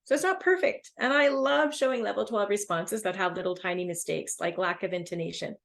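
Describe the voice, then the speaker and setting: A woman with a Canadian accent teaching a test-prep webinar, speaking with lively, rising and falling intonation. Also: on the low side, a little fast, creaky. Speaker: English test instructor.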